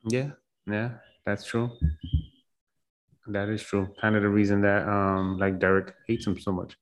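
A man's voice: lowish voice, level tone, unhurried, low-quality recording. A man in a casual football chat, talking hesitantly with many fillers.

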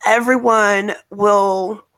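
A woman co-hosting a casual discussion, telling stories thoughtfully with frequent pauses and ums. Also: medium pitch, steady tone, a bit bright.

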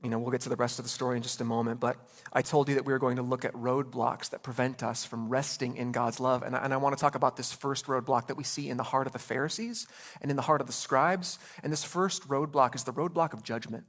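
A man preaching a sermon as pastor, animated, acting out voices in the story with quick asides. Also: medium pitch.

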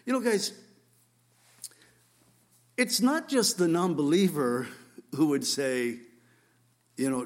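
A man preaching a sermon, reading scripture and expounding on it, swinging between loud rhetorical questions and quiet asides. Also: fairly high pitch, very animated, slow, long pauses. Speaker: pastor.

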